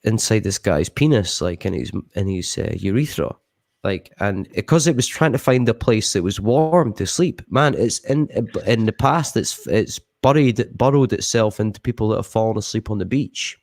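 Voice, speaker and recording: A man's voice: fairly low pitch, lively intonation, moderate pace, darkish tone, no echo, studio quality. A man, a podcast guest, telling a rambling, sweary story with lots of restarts. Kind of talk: casual storytelling.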